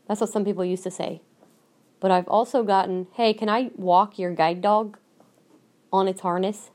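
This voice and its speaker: A medium-pitched, darkish voice holds steady at a moderate pace as this woman rants alone on her podcast. She lives in Minnesota and keeps driving her points home bluntly, repeating them for emphasis.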